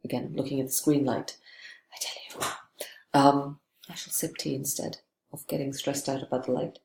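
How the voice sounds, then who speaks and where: A woman's voice: rumbling low, level tone, brisk, gravelly, a little mellow, reverberant. A woman giving a literature lecture, thoughtful and digressive, often checking in with "right?". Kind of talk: recorded lecture.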